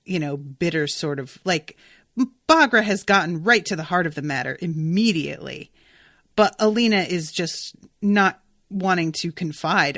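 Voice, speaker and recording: A woman hosting a podcast, recapping a novel in a casual, animated, profane way. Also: mid-range voice, dry recording, clean studio sound. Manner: chatty, profane, animated retelling. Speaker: podcast host recapping a book. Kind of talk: casual book recap with read-aloud passages.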